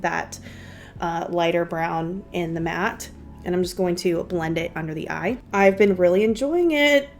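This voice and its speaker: A woman's voice: medium pitch, darkish tone. A young woman vlogger chatting casually to her viewers while doing her makeup at home. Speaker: beauty vlogger. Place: home guest room used as office.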